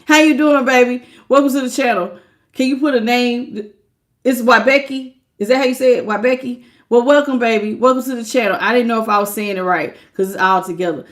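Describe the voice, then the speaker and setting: Talkative lady doing a live tarot reading, kinda high voice, loose and laughing. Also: fast talker. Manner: lively, talkative, laughs often, calls viewers baby. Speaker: tarot reader.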